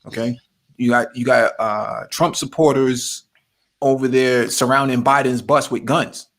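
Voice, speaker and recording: A man hosting a political talk show, speaking calmly with frequent brief agreements. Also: mid-range voice, unhurried, creaky. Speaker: host.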